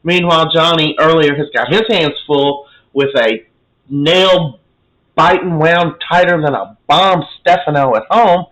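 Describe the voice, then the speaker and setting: A man's voice: on the high side, a little slow, a bit bright, poor audio. A man giving a casual, chatty recap of a soap opera episode, opinionated and full of fillers.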